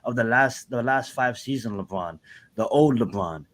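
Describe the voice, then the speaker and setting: A man's voice: mid-range voice, expressive, moderate pace, heavy background noise. A man in a casual sports debate who hedges, restarts and politely concedes points. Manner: conciliatory, hedging, restarts often. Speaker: podcast co-host.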